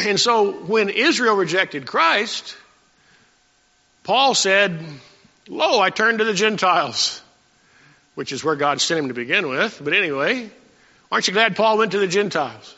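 A man preaching a sermon to his congregation in a folksy way, often clearing his throat. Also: high voice, animated, measured pace, long pauses, sharp tone. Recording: dull lo-fi recording in a long-reverb hall.

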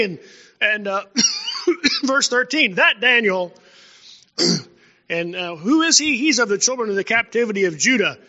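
A man preaching a sermon as pastor, telling stories and swinging between loud and hushed. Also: sits high. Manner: storytelling preacher, rising and dropping in volume. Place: church sanctuary. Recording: dull sound in a long-reverb hall.

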